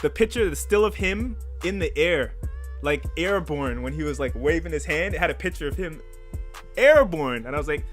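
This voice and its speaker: A young man in loose, profane podcast banter, his voice sitting a touch high and swinging widely as he jokes. He laughs often and talks with big energy, with faint music playing behind him. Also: moderate pace. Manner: animated, laughs a lot, swears freely. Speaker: podcast co-host. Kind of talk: casual chat.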